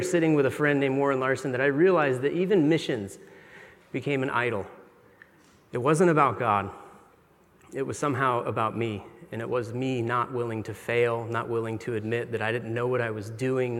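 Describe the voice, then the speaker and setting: Earnest male preacher in a reverberant hall. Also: medium pitch. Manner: earnest, confessional, conversational preaching. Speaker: pastor. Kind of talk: sermon. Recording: long reverb of a large hall.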